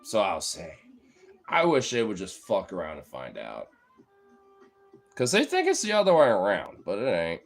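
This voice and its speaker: A man's voice: fairly low pitch, huge pitch swings, normal speed, long pauses, faint music behind. A man giving a heated, profane, rambling political rant in casual chat, talking straight to his viewers as a streamer.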